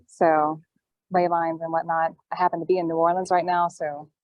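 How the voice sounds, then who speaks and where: A woman guest telling a personal story in casual chat, with halting, thoughtful pauses, calling in from an airport gate over a video call. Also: fairly low pitch, level tone, dry recording. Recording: dull, dry call audio.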